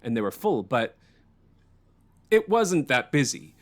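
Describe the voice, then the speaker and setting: A man's voice: mid-range voice, big pitch swings, a little slow. A man hosting a podcast, telling a story in casual chat, swearing freely and laughing often. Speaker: podcast host.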